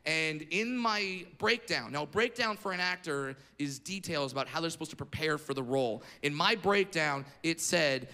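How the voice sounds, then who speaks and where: A brash, profane male stand-up comedian who builds up to shouted punchlines. His voice is high for a man and sharply bright, with a forceful edge. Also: moderate pace, hardly any pauses.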